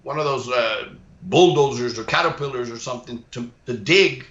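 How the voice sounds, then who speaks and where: A man's voice: medium pitch, normal speed, fairly bright tone. A man co-hosting a casual talk show, chuckling as he tells a story and mixing English with Spanish. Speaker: co-host. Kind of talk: casual chat. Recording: echoey room, dull lo-fi sound.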